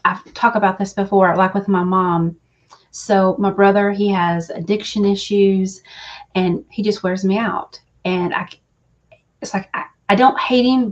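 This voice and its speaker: A woman giving readings on a live show, confiding and emotional, chatting with viewers and laughing easily. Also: medium pitch. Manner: emotional, confiding, says y'all, breaks into laughs. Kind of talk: live stream talk with viewers. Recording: slightly dull, lo-fi stream audio.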